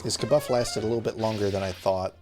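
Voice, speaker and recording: A man giving relaxed, chatty commentary on a game playthrough, with faint game music behind. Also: lowish voice, fast talker. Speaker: gamer.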